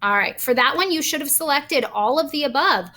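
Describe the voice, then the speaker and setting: A woman's voice: high-pitched, lively intonation, brisk, bright, forceful tone. A woman teacher recording a grammar lesson, patiently explaining with examples step by step.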